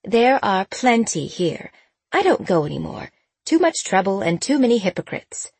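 A woman voicing an elderly aunt who is brisk, blunt and fussing in an audiobook. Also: mid-range voice, big pitch swings, a little mellow, husky, dry recording.

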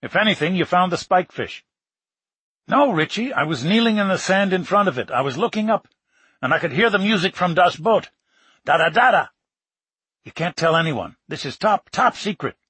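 A man voicing an excited, secretive young Brooklyn man with a Brooklyn accent. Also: high voice, normal speed, breathy edge, dry recording, pitched above the performer's own voice, exaggerated voice. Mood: insistent.

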